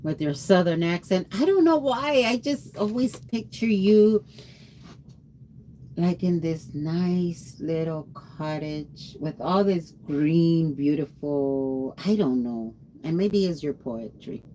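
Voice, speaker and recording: Tired woman livestreamer, low voice, slow rambling chat with viewers. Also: animated, mellow, a little hiss or hum. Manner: rambling, greets chatters by name. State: tired after a long day.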